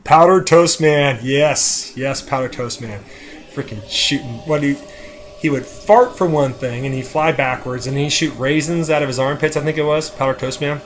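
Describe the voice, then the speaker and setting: A man in a loose, rambling live-stream chat, with a middle-pitched voice and a dry throat. He talks in short, meandering bursts full of "uh"s, with a faint ambient hiss behind him. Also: moderate pace. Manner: rambling, with many "uh"s and laughs. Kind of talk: casual chat.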